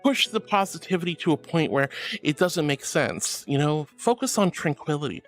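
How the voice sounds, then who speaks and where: A woman's voice: low voice, animated, normal speed, faint music behind. A woman streaming live, reading chat aloud in a sweet, giggly, affectionate way. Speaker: VTuber streamer.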